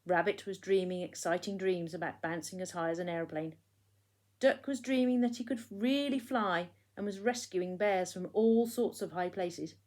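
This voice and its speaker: A woman, a primary school teacher, reading a picture book aloud to children in an expressive storytelling way, hushing for the quiet moments. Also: fairly low pitch, moderate pace.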